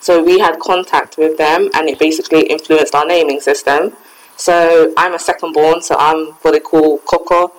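A woman's voice: low voice, steady tone, normal speed, rough recording. A young woman from England, co-hosting a casual podcast chat in a reflective way, with many fillers. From Ghana heritage, raised in England. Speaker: podcast co-host.

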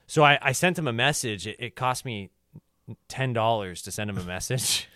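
A man's voice: mid-range voice, expressive, normal speed, sharp tone, no echo, clean studio sound. A man hosting a casual podcast, rambling with many restarts and laughs. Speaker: podcast host.

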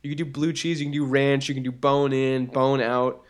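A man's voice: medium pitch, normal speed. A young man with a Boston accent, co-hosting a podcast, chatting casually and rambling with plenty of fillers. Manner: animated, rambling, lots of fillers. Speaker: podcast co-host. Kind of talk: casual chat.

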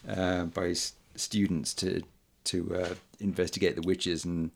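Podcast host, male, very low voice, hesitant casual delivery with lots of fillers. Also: little pitch movement, vocal fry, a little hiss or hum. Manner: halting, many ums and uhs, chuckles often. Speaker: podcast host reviewing old films. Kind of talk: casual chat.

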